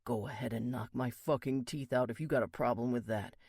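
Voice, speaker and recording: A man voicing a rough, blunt male biker who swears and growls his words, in an audiobook. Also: fairly even intonation, fairly quick, darkish tone, no echo, studio quality. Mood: defiant. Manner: crude, swearing, low growl. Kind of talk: audiobook character reading.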